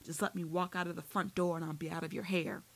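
A woman's voice: lowish voice, steady tone, fast talker, gravelly. A woman reading a defiant young prisoner. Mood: indignant. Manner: indignant, sharp, protesting. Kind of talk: audiobook reading.

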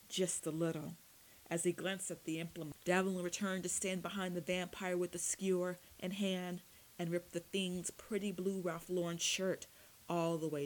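A woman narrates a gritty fantasy audiobook in an even, steady reading. Her voice sits a bit low for a woman. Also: poor audio.

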